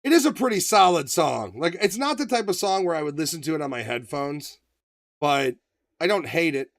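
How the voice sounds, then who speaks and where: A man co-hosting a podcast, chatting casually, profane and animated, often acting out voices. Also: a little high, moderate pace, no echo, clean studio sound. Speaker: podcast co-host. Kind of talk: casual banter.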